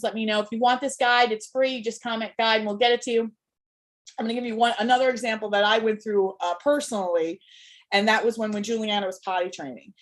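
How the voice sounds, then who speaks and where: A woman in her thirties hosting a live Q&A as a parenting coach, talking candidly and emotionally, swearing freely and checking in with "right?". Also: on the high side. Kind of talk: casual live-stream talk.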